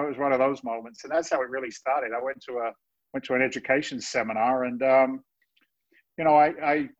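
A man in his fifties from England with a London accent softened by Boston, chatting as an interview guest in a chatty, self-mocking way. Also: medium pitch. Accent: London English softened by Boston. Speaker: guest, real estate investor. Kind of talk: casual interview chat. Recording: dull, muffled audio.

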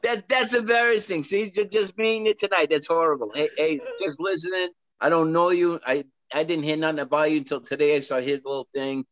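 A man from Boston with a Boston accent, joining a video call as a rambling, excitable first-time guest. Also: a little high, a little fast, hardly any pauses, muffled recording. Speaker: guest caller. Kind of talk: casual chat.

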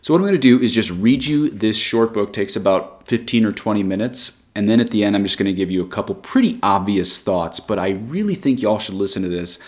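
A man reading a short story aloud in a measured, deliberate way. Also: fairly low pitch, a little mellow. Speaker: reader.

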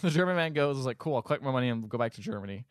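Male podcast co-host, mid-pitched, dry close mic, sardonic plot recap. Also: expressive, rapid-fire, clear, resonant tone, no room sound. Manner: sarcastic, exasperated retelling with profanity. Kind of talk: casual chat.

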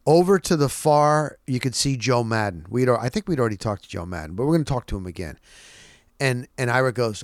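A man hosting a talk show, telling a casual, animated story with a rambling delivery and quotes he acts out. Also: mid-range voice, normal speed, smooth, no echo, clean studio sound.

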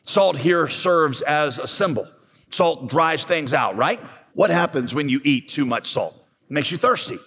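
A pastor delivers a sermon, telling a scripture story in a lively way and asking his listeners rhetorical questions. His man's voice sits a little above the usual pitch. Long reverb from a large hall trails every phrase. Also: measured pace, husky.

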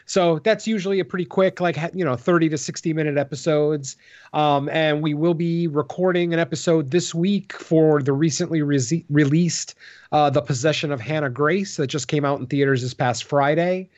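A man's voice: a little high, normal speed, darkish tone. A man co-hosting a horror podcast, chatting casually and rambling with many fillers. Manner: rambling, filler-heavy, laughs easily. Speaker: podcast co-host. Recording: dull lo-fi audio.

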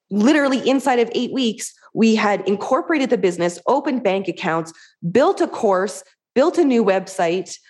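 Animated Canadian woman, casual talk. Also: medium pitch. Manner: animated, fast talker with many "like" fillers. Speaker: podcast co-host and business owner. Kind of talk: casual conversation.

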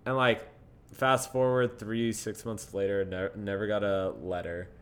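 Over slight background noise, a young man with a lowish voice talks unhurriedly as a podcast guest. He tells stories animatedly in casual conversation, voicing what others said and often breaking into laughter.

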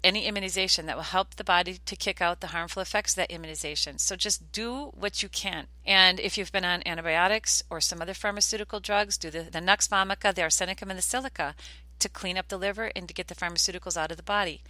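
A woman's voice: lowish voice, fast, sharp tone, no echo. An older woman hosting a podcast, talking in an earnest, chatty way and telling stories. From United States. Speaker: podcast host. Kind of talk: casual podcast talk.

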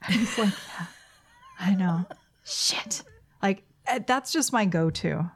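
A woman's voice: mid-range voice, animated, unhurried, breathy edge. A woman co-hosting a podcast, chatting loosely with restarts and chuckles. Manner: rambling, self-interrupting, chuckling. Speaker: podcast co-host. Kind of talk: casual chat.

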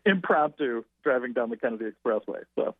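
A man who is a writer and interview guest, telling an anecdote in a rambling, halting way with frequent restarts. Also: mid-range voice, dry recording. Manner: halting, self-correcting. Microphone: telephone. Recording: tinny phone line.

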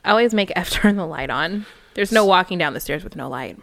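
A woman's voice: on the low side, lively intonation, a little fast, vocal fry, a bit bright. A woman telling a story in casual chat, chatty and often laughing as she talks. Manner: chatty, laughs while talking.

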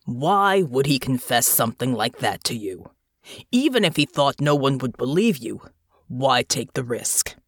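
A gruff, weary bear-morph captain, as a female audiobook narrator puts him on, low and slow, drawling his words out with blunt exasperation. His voice swings widely in pitch, and the dry studio sound keeps it close. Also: sing-song, no room sound, exaggerated voice. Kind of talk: audiobook character voice.

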